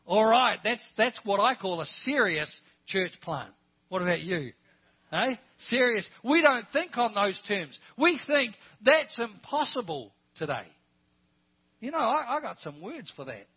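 A man's voice: high voice, sing-song, measured pace, husky. An older man preaching a sermon at a church service, emphatic and full of rhetorical questions and joking asides. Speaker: pastor. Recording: dull lo-fi sermon recording.

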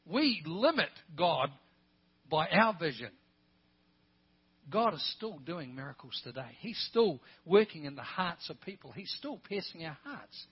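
A man's voice: high voice, breathy edge. An older man preaching a sermon at a church service, emphatic and full of rhetorical questions and joking asides. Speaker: pastor. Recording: dull lo-fi sermon recording.

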